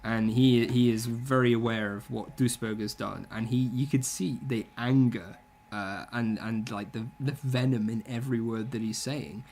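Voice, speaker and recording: A man's voice: mid-range voice, steady tone, normal speed, few pauses, darkish tone. A man, chatting casually and bluntly, with strong opinions and plenty of swearing. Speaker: podcast co-host. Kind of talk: casual chat.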